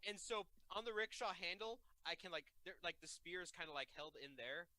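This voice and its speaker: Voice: mid-range voice, animated, a little fast, bright, forceful tone. A player at a tabletop role-playing game, describing and speaking for their character in a dry, matter-of-fact way.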